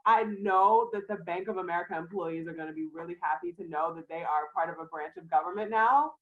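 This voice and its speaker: A woman's voice: on the low side, brisk. A woman co-hosting a podcast, chatting in an easygoing, joking way. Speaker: podcast co-host. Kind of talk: casual chat. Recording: tinny phone-like line.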